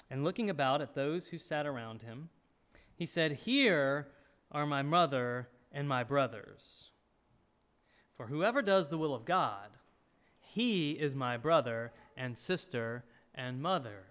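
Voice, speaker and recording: A male pastor delivers a sermon in a high, lively voice that rises and falls as he teaches. He reads scripture aloud, occasionally pausing to clear his throat, and his delivery is expressive and earnest.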